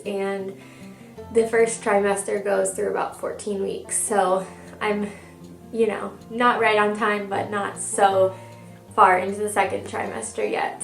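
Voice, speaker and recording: A young woman giving a chatty, upbeat pregnancy update, stuffed up from a cold and a little out of breath. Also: medium pitch. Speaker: vlogger. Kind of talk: casual pregnancy update vlog. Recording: echoey room, mic at a distance.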